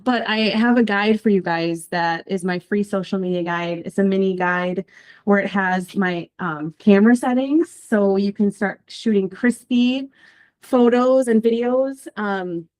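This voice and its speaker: A woman's voice: medium pitch, unhurried, darkish tone. Bubbly, chatty woman presenter. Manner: bubbly and chatty, many ums and likes; nervous first-time speaker. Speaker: social media content creator presenting a session. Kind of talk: casual talk to a small group. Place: small in-person group session.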